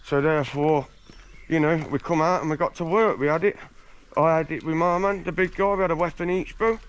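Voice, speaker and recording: A man's voice: a little high, fairly even intonation, brisk, clean tone. A man from England telling boastful stories in a casual, slangy street interview, swearing freely while standing outdoors on a residential street.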